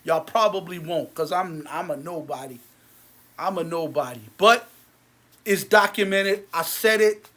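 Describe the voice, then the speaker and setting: A man with a rather high voice rants to camera, heated and bitter. He repeats himself and restarts his lines, then lets his voice drop low and quiet in tired stretches. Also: unhurried. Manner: repetitive, many restarts. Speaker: movie theater owner. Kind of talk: angry rant to camera.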